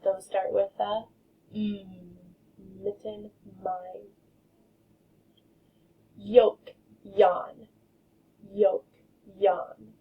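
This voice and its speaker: Woman kindergarten teacher, slow and gravelly, drawn-out phonics modeling; dull off-mic recording. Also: medium pitch, fairly even intonation. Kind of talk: recorded remote phonics lesson.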